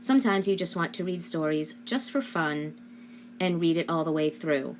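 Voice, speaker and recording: A woman giving instructional narration as a speech therapist, speaking slowly and carefully and modeling questions for a child. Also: low voice, slight background noise. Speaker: speech-language pathologist.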